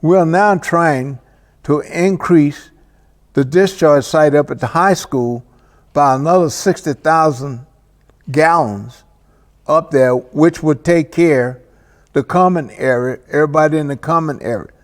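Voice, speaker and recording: Male local-TV host, slow and deliberate monologue, reverberant studio sound. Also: on the high side. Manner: slow and deliberate, with pauses and restarts. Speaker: local cable show host.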